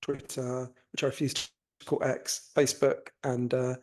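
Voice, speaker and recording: A man's voice: medium pitch, moderate pace. A man with a posh English accent, a guest author talking animatedly in a casual podcast interview, swearing freely, a little under the weather, speaking over a remote call. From North London, England. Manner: animated, swears casually, self-correcting restarts.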